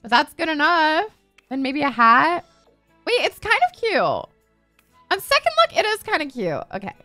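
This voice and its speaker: A woman's voice: high-pitched, big pitch swings, normal speed, sharp tone, dry recording, faint music behind. A young woman giving casual, gushing gameplay commentary, peppered with "like" and casual swearing. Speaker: gaming streamer.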